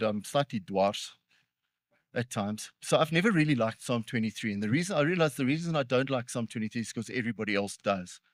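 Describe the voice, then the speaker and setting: A male pastor preaching in a relaxed, talk-to-the-congregation way, leaning into earnest points and then undercutting himself with a wry joke. His voice sits at an ordinary middle pitch for a man. The sound is dry and close, with little room echo. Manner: conversational, with joking self-deprecating asides. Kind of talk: sermon.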